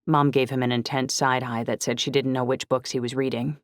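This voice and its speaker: A woman giving steady, measured first-person narration of a novel. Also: very deep voice, dry recording, studio quality. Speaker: audiobook narrator.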